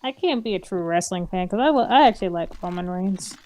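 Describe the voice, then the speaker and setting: A woman co-hosting a casual live-stream chat, talking in a relaxed, candid, offhand way. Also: lowish voice, fairly quick.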